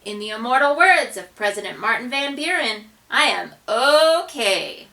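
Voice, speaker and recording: A woman's voice: fairly high pitch, animated, brisk, sharp tone, distant mic, rough recording. A woman voicing a determined, dramatic young girl who declaims grand quotations and cries out defiantly, in a storybook. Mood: firm.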